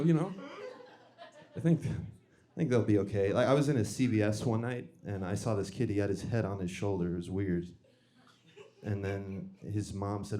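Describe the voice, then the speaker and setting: A young male comedian performs a stand-up set in a comedy club, speaking into a stage mic. His voice is dark and mellow at a middle pitch, and his delivery is dry and halting, full of small restarts and self-deprecating asides.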